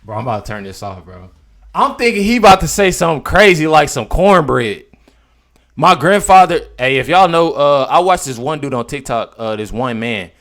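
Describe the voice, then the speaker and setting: A young man, commenting casually on a video clip. He is incredulous, swinging between loud outbursts and low mutters. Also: lively intonation, moderate pace.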